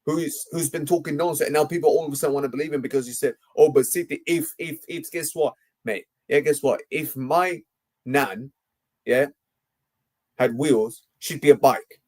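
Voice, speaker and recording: A man's voice: medium pitch, normal speed, a little mellow. A young man hosting a football live stream, ranting heatedly and tagging nearly every phrase with "yeah?" and "mate". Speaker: football livestream host.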